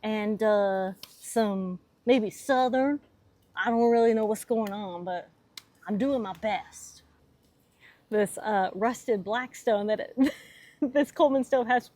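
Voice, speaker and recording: A woman's voice: fairly high pitch, dark tone. A young adult woman hosting a casual cooking vlog, chatty and playful as she demonstrates outdoors. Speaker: host. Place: outdoors at a cabin.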